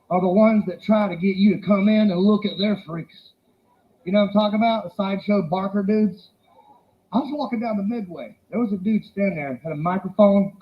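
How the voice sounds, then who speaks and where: A male stand-up comedian telling animated stories and slipping into put-on voices. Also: high-pitched, lo-fi sound.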